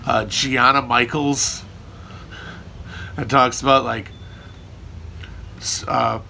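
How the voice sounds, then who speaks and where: A man's voice: medium pitch, steady tone, slow, creaky, long pauses, bright, forceful tone, a little hiss or hum. A man hosting a casual livestream, answering viewer questions in a rambling, irreverent, profane way. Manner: irreverent, profane, riffing, jokey. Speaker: livestream host answering chat.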